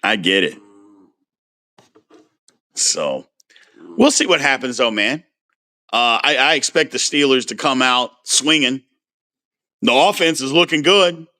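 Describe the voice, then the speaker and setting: A man hosting a casual sports livestream, animated and frustrated as he answers viewers' comments by name. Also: mid-range voice, takes it slowly, pauses often. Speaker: sports talk host.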